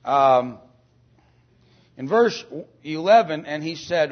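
A man teaching an informal Bible lesson to a class, speaking haltingly with many fillers, restarts and throat-clearing, and often asking the class questions. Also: fairly high pitch, lively intonation. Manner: asks the class questions and calls on students. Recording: dull lo-fi recording.

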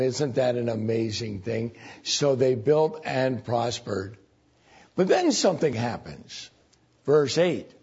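A man preaching a sermon in a folksy, conversational way, often jumping up in pitch and volume for emphasis. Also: vocal fry, breathy edge, lo-fi sound.

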